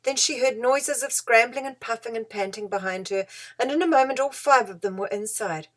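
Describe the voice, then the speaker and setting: A woman reading a children's story aloud as narrator, gentle and expressive. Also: fairly high pitch, fairly quick. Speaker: audiobook reader.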